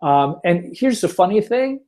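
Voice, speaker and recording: A man's voice: sits high, very animated, measured pace, a little mellow. A man hosting a casual webinar, chatty and self-deprecating, with lots of fillers as he tells stories. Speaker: webinar host. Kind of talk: casual webinar talk with storytelling.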